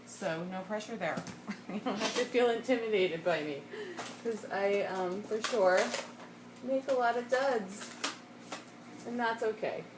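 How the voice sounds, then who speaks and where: A woman's voice: mid-range voice, measured pace, pauses often, background noise. A woman chatting casually while she scrapbooks, rambling off on tangents and laughing often. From United States. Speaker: scrapbooking vlogger.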